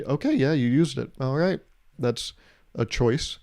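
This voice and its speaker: A man hosts a solo podcast, riffing in a sarcastic, comedic monologue and firing off rhetorical questions. His voice is mellow and warm, sitting at an ordinary male pitch. He dishes out mock advice with a playful, teasing edge. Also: moderate pace. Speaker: podcast host.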